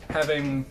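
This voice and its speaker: A man's voice: fairly high pitch, noisy background. A man chatting casually in a vlog, rambling and self-deprecating, with lots of fillers and asides. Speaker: vlogger.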